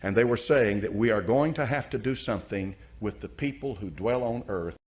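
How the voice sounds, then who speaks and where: A man's voice: lowish voice, moderate pace, darkish tone. A man preaching and commenting on a story, emphatic and repeating phrases for effect.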